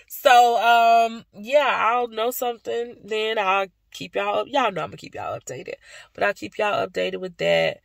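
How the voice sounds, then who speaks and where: A young woman talks casually to her viewers, calling them y'all with warm affection. Her voice has a gravelly, creaky texture, and she sounds worn out after work. The recording is dry and close, with no room sound. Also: mid-range voice, moderate pace, dry recording. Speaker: vlogger. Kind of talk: casual vlog chat to viewers.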